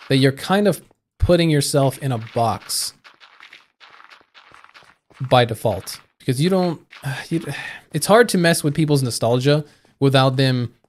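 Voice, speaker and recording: A young man chats casually on a live stream, rambling through his thoughts with fillers and false starts. His voice sits at an ordinary middle pitch. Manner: rambling, thinking aloud with fillers and restarts. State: hiccuping.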